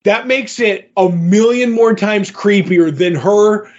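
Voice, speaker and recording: High-voiced man rambling through a recap. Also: slow pace, muffled recording. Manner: rambling recap full of fillers. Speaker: podcast co-host. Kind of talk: casual comic book discussion.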